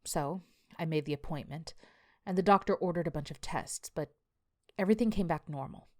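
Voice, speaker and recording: A man's voice: on the high side, brisk, fairly bright tone, lightly acted. A woman reading as a weary working man's journal. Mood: rueful. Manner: confessional, plainspoken first-person account. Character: weary male landscaper writing a journal.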